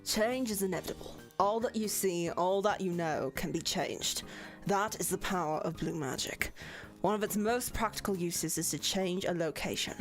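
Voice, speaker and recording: A woman voicing a stern older male magic professor with a put-on British accent, lecturing slowly and solemnly. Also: on the low side, soft background music, pitched below the performer's own voice, natural voice.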